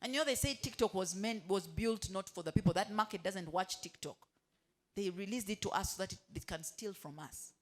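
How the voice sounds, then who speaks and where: A woman's voice: medium pitch, brisk. Woman quizzing a staff audience. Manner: asks the room questions and has them finish her sentences. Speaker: motivational speaker. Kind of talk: staff training talk. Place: hotel staff meeting room.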